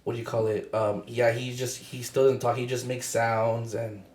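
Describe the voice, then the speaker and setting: A man's voice: medium pitch, little pitch movement, a little mellow. Young man rambling with fillers, echoey studio. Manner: halting, many fillers and restarts. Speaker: podcast co-host. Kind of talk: casual chat.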